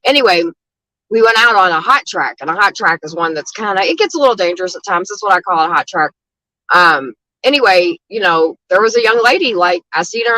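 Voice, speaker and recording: Fast and lively in her intonation, this street outreach advocate speaks in a mid-range, sharp-toned voice. The recording is dry and of poor quality. In a relaxed conversation she tells blunt, candid stories laced with swearing and frequent "you know what I mean."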